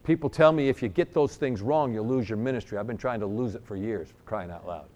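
A middle-aged New Yorker with a fairly low voice preaches briskly, telling a healing story. Animated and joking, he acts out the dialogue from both sides.

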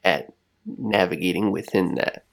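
A man co-hosting a podcast, talking in a reflective, rambling way with frequent restarts and soft laughs. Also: low voice, fairly even intonation, a little slow. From United States. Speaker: podcast co-host. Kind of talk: reflective casual chat.

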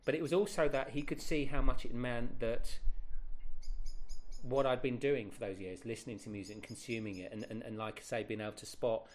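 Guy in his 50s, rambly interview guest, keeps correcting himself, normal pitch. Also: brisk. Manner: animated, rambling, many self-corrections. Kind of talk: casual interview storytelling.

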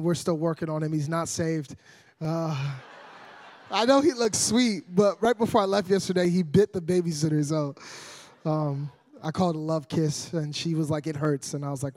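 Jokes with the congregation give way to loud, energetic preaching as a young guest evangelist delivers his sermon, his voice a little high.

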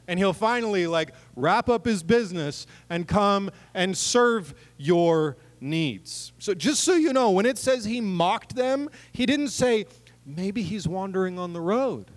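A man preaching a sermon, reading scripture and breaking in with joking, animated asides to the congregation. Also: sits high, unhurried. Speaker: pastor. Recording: long reverb of a large hall.

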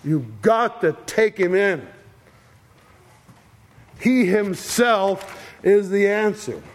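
A man preaching a sermon, slow and deliberate, with long pauses between short phrases. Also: high-pitched, expressive, a little hiss or hum.

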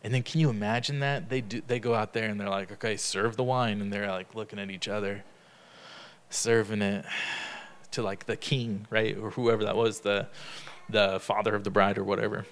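A man's voice: on the low side, moderate pace. Chatty man leading a Bible study. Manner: chatty, laughs often, retells stories in lively quoted dialogue. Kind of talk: casual Bible study teaching.

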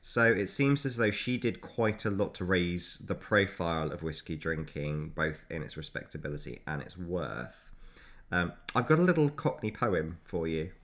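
Male podcast co-host, very low voice, relaxed explanatory storyteller. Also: normal speed. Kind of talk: casual history chat.

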